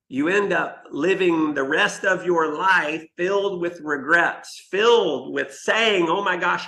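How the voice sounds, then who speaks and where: A man's voice: on the high side, gravelly, sharp tone, low-quality recording. A man giving an emphatic motivational talk, telling stories and speaking straight to the listeners. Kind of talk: motivational talk to an online summit audience.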